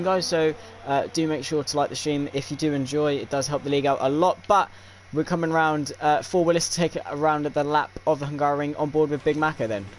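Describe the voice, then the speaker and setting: Young man, race commentator, slightly high voice, halting filler-laden delivery, faint background noise. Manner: filler-heavy, hesitant play-by-play. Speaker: lead commentator. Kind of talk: sim racing league commentary.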